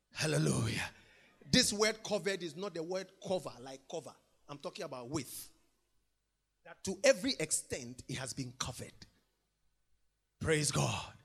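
A man preaching a sermon, emphatic and repetitive, swinging between loud declarations and quiet, intimate lines. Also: a little high, creaky, breathy edge. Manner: emphatic, repeats phrases, swings from loud to soft.

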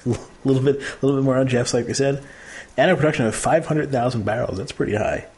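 A man with a middle-pitched voice hosts a casual beer tasting. He jokes around, describes flavors in detail and reads out brewery facts in a relaxed way. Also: fast. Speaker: host.

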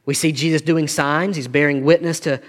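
A man's voice: fairly high pitch, fairly even intonation, fairly quick, long reverb tail. A man, preaching a sermon to his congregation with earnest, rising and falling intensity. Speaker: pastor.

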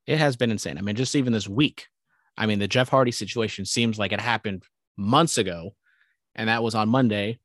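A man's voice: fairly low pitch, fairly quick, fairly bright tone, dry recording, studio quality. A young man co-hosting a podcast in casual chat, rambling with many restarts and casual swearing. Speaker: podcast co-host.

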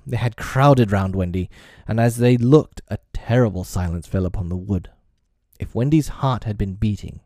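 A man narrating a storybook chapter with expressive delivery. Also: fairly low pitch, no room sound, clean studio sound. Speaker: audiobook narrator.

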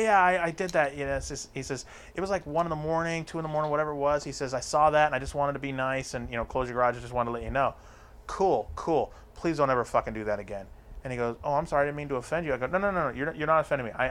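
A man spins a crude story in relaxed conversation, cursing freely. He slips into quick voiced quotes of the people in it. His pitch sits in an ordinary middle range. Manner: crude, profane, acts out other people's lines. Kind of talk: casual storytelling chat.

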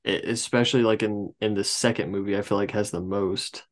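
Podcast co-host, male, lowish voice, relaxed rambling movie chat. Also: fairly quick. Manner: relaxed, rambling with trivia asides. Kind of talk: casual movie review chat.

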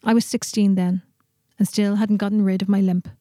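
A woman reading a literary short story aloud in a steady, measured way in a studio. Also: mid-range voice, no echo.

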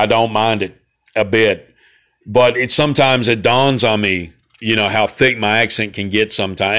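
A man's voice: on the low side, fairly bright tone. A man in his forties with a central Alabama Southern accent, talking in a casual, rambling monologue as host of his own broadcast, folksy and digressive. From Southern United States. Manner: laid-back, folksy, digressive with many fillers.

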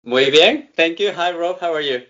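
Relaxed Spanish-accented runner guest. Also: male voice, on the high side, moderate pace, dull audio. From Spain. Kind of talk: interview answers.

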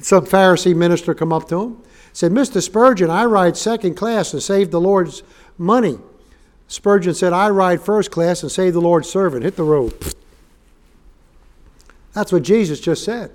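A man's voice: high voice, moderate pace. A man preaching a sermon as a guest preacher, folksy and joking, turning emphatic when he reads scripture. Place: church sanctuary.

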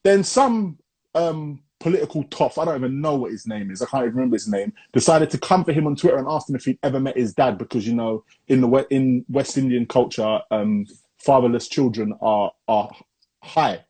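Husky man, animated chat. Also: medium pitch, a little fast. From Barbados heritage. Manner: animated, slangy, repeats himself. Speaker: podcast co-host. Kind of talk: casual chat.

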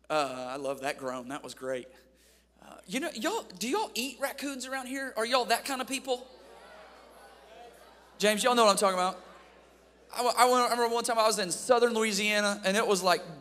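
Upbeat male preacher from Ohio, high-pitched, storytelling sermon with playful crowd asides, long hall reverb. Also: moderate pace, long pauses, sharp tone. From Ohio, USA. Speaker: preacher at a youth camp.

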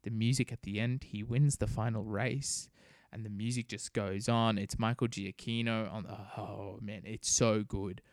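A man's voice: on the low side, steady tone, measured pace, no room sound. A young man co-hosting a casual podcast, enthusiastically urging listeners to watch films he loves. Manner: enthusiastic, pleading recommendations. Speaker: podcast co-host.

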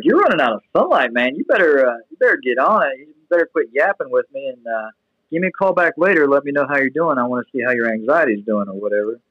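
A young man telling a personal story in a casual, rambling way, full of restarts and fillers, then getting animated as it builds. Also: medium pitch, no echo, muffled recording. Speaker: guest sharing testimony.

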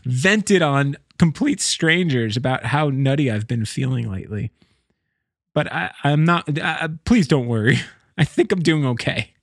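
A man's voice: mid-range voice, animated, takes it slowly, dry recording, studio quality. A man telling a personal story in a rambling, casual way, often breaking off and laughing. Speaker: vlogger.

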